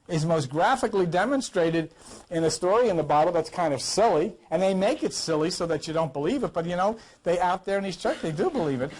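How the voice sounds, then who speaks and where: A man's voice: on the high side, slightly rough. A man teaching an informal Bible study class, emphatic and full of rhetorical questions, coughing now and then.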